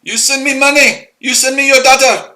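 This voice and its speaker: A man's voice: very high-pitched, fairly even intonation, moderate pace, sharp tone, reverberant, pitched above the performer's own voice, exaggerated voice, rough recording. A man putting on a mocking phone scammer with a fake Indian accent, pushy and repetitive in broken English. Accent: put-on Indian.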